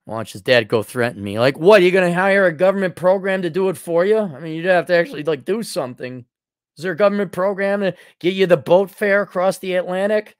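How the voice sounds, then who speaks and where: A man's voice: high-pitched, quick pace, no room sound, clean studio sound. A male host reading a viewer's letter aloud and answering it with blunt, mocking sarcasm.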